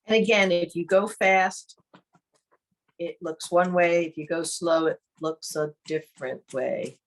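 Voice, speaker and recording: A woman leading an online art workshop, calmly thinking aloud as she demonstrates each step. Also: lowish voice. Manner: calm, unhurried, thinks aloud while demonstrating. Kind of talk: online interactive workshop teaching.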